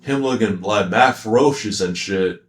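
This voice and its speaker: A man's voice: fairly low pitch, normal speed, reverberant. A man giving a casual, rambling anime commentary, slangy with many fillers and frequent laughter. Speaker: anime reviewer.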